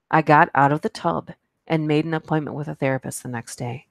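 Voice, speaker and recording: Low-voiced woman reading spooky stories. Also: steady tone, fairly quick, gravelly, no room sound, studio quality. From United States. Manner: reads aloud with asides, laughs at herself. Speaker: host reading creepy stories live. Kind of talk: live reading and chat.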